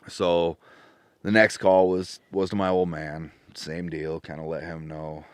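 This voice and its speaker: Middle-aged guy with a really low voice, animated storyteller acting out phone calls, dry close mic. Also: unhurried, smooth, no room sound. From Washington State. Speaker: podcast guest. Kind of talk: casual storytelling chat.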